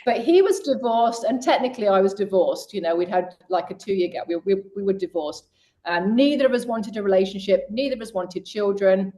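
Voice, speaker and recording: A middle-aged woman in an interview, telling her own story and speaking straight to women listeners. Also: fairly quick. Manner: lively storyteller who voices quoted people with raised pitch; direct, addresses women listeners. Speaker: guest coach.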